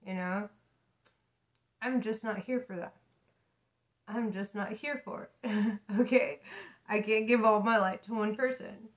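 A woman's voice: medium pitch, steady tone, unhurried, pauses often, rough recording. A woman tarot reader talking casually to camera about spirituality, laughing often, swearing and speaking emphatically.

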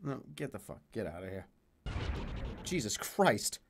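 A man streaming a video game, reacting loudly, swearing and laughing at what happens on screen. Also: fairly low pitch, sing-song, measured pace, creaky, music in the background. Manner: loud, exasperated, swearing and laughing. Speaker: streamer playing video games. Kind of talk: gaming commentary.

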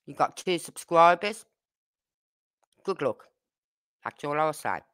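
A woman from Birmingham, England, with a Brummie accent hosts a casual true crime livestream, sounding blunt and indignant as she addresses her audience directly. Her low voice is animated yet slow, with a clean, fairly bright tone.

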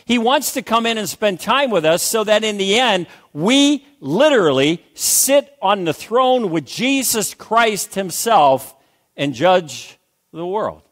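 A man's voice: sits high, a bit bright. An older man preaching a sermon as pastor, emphatic, repeating phrases and calling for amens.

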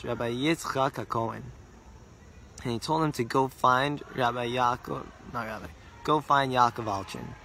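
Earnest male storyteller, middle pitch. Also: a bit bright, slight background noise. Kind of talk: religious story narration.

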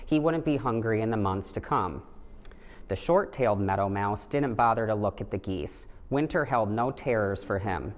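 Deep-voiced man reading a picture book. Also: normal speed. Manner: gentle, steady storytelling with light voices for the animals. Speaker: storybook reader. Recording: long hall reverb.

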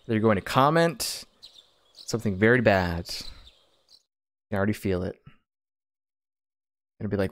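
A man's voice: fairly low pitch, unhurried, long pauses. A man hosting a let's-play, chatting casually and reading game text aloud. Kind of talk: casual gameplay commentary. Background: game music.

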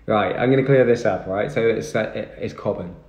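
A man's voice: lowish voice, fairly quick, darkish tone. A young man chatting casually on a live stream, thanking viewers and answering their comments. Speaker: livestreamer. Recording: echoey room with music behind.

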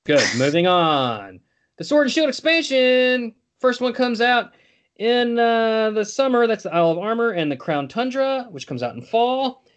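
A man's voice: extremely high pitch, sing-song, measured pace, lo-fi sound. A young man co-hosting a podcast, chatting in a playful, jokey, rambling way. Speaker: podcast co-host. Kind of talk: casual chat.

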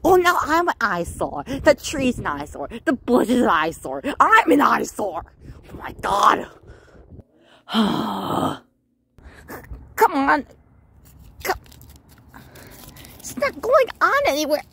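A woman voicing Mario, a hot-tempered male plumber in a homemade plush toy skit, who mutters and bursts into yells. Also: high voice, huge pitch swings, takes it slowly, vocal fry, pauses often, a little hiss or hum, heavily acted. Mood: exasperated. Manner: exasperated, yelling outbursts, mutters to himself.

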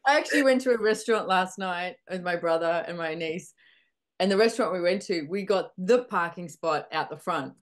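A middle-aged woman hosting a casual coaching talk, animated, acting out little dialogues and swearing freely. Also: fairly low pitch, normal speed. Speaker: podcast host and facilitator.

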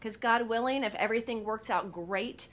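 A woman's voice: fairly high pitch, normal speed, a bit bright. A woman in her thirties, a TV writer speaking on a panel, telling a story animatedly with many fillers and restarts, acting out the lines she quotes.

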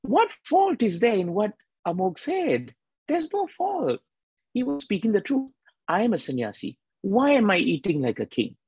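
A man voicing a calm, humble male ascetic teacher in a retold story, speaking with gentle, rising emphasis. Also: high-pitched, normal speed, breathy edge, no room sound, voice pushed up, heavily acted. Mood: gently correcting.

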